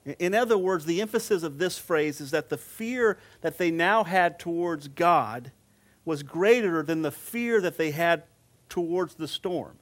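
Man preaching a slow, emphatic sermon. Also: on the high side, expressive. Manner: emphatic preaching with repeated phrases and pauses; slows down to stress scripture quotes.

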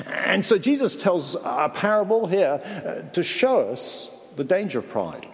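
Lively English preacher in a reverberant hall. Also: male voice, high-pitched, a little slow, few pauses. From England. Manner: animated storytelling, acting out quoted voices. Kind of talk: sermon.

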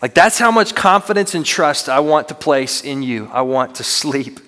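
Young man, student minister, fairly high voice, earnest conversational sermon, long hall reverb. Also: expressive, moderate pace, pushed and bright. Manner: earnest, conversational, self-deprecating humor. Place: church sanctuary.

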